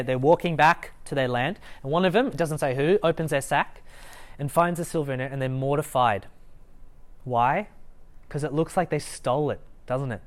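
A young adult giving a casual Bible talk to a student group, talking conversationally with fillers, restarts and light chuckles. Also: medium pitch. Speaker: student ministry Bible teacher. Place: lecture room at a student meeting.

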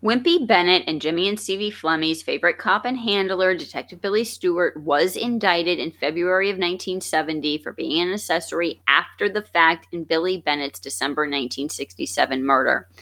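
Lower-voiced woman reading a true-crime script. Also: a little fast, few pauses, fairly bright tone. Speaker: podcast co-host.

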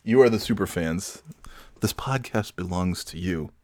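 A man's voice: low-pitched, unhurried, a little mellow, no room sound. A man hosting a comedy podcast alone, rambling between bits with many fillers and trailing remarks. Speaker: podcast host.

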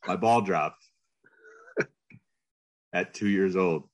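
A man in his thirties co-hosting a podcast in casual chat, talking about his young son in a laid-back, halting way. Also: deep voice. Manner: laid-back, hesitant with fillers. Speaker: podcast co-host.

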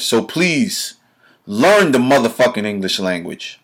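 A man's voice: lowish voice, sing-song, a little slow, fairly bright tone. A man, hosting his own show and delivering a heated, profane monologue straight at the listener. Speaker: show host.

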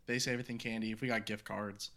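Bright-voiced young man, casual chat. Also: lowish voice, little pitch movement, fast. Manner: loose, profane storytelling with lots of fillers.

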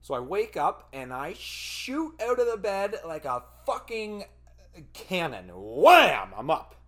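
A man hosting a podcast, telling a personal story in casual, profane, rambling speech. He fumbles for words and breaks into loud, animated bursts. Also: high-pitched, slow pace. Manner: animated retelling with loud outbursts. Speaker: podcast host.

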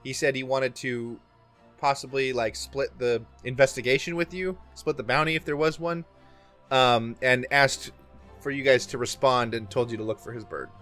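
A man narrating a tabletop game as game master, in a casual, halting way with many restarts. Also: medium pitch, fairly even intonation, a bit bright, faint music behind.

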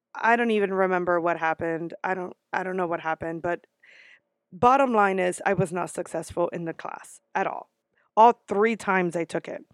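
A woman's voice: medium pitch, no room sound. A young woman college student vlogging casually, telling stories bluntly and swearing freely. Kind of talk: casual vlog rant.

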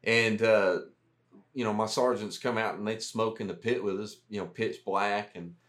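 A man's voice: on the low side, fairly even intonation, moderate pace, a bit bright. A man, an army veteran guest, telling rambling, profane, self-mocking stories on a casual podcast.

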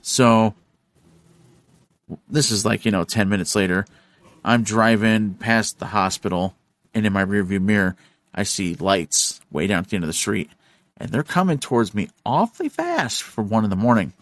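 Man, low voice, dry studio sound, casual storytelling, lively and swearing, mimics quoted people. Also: moderate pace, no room sound. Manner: animated, profane, acts out quoted voices. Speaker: podcast host telling a story.

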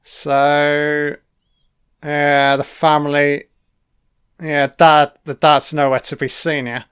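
Guy doing a film commentary, talks slow and swears a lot, smooth clear voice, chill. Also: a little high, level tone, a bit bright. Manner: laid-back, profane running remarks. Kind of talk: casual audio commentary over a film.

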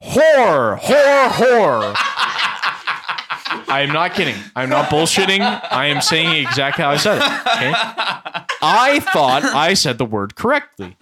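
A young man with a Southern American accent, chatting casually and telling animated, laughing stories. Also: on the high side, normal speed, heavy background noise. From Southern United States. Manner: animated storyteller, laughs often. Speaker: podcast guest. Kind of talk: casual chat.

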